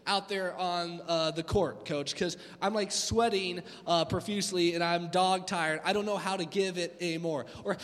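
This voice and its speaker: Male youth pastor, high voice, lively casual preaching, long hall echo. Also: moderate pace, few pauses. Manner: energetic, conversational, acts out voices. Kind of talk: youth sermon. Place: church hall.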